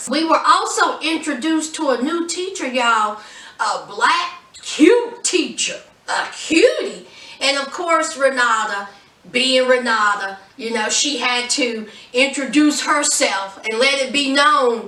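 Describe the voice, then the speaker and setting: A woman recapping a TV episode in a chatty, animated vlog, talking straight to her viewers. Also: high voice, slow, echoey room, distant mic. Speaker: TV show reviewer.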